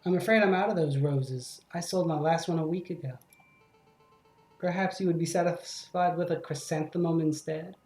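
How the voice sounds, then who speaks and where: A man voicing a polite, evasive female swan who sells flowers, in a soft put-on girl voice. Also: fairly high pitch, moderate pace, roomy sound, faint music behind, close to an everyday voice.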